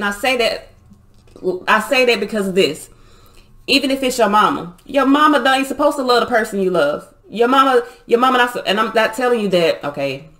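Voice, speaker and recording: A woman's voice: mid-range voice, a bit bright. A woman reads tarot cards for her viewers in a loose, casual way. She talks bluntly, swears freely and gets emphatic when she makes a point. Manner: blunt, profane, fired-up and emphatic. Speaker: tarot reader.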